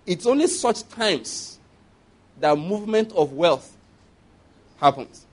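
A man's voice: high voice, animated, takes it slowly. A man with a Nigerian accent preaching a sermon in a conversational way, asking the congregation for responses and laughing at his own asides.

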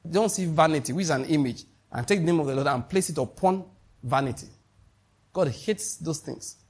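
With a fairly high, breathy-edged voice at a moderate pace, a middle-aged Nigerian-accented pastor preaches emphatically. He repeats key phrases and asks questions to ensure his listeners follow.

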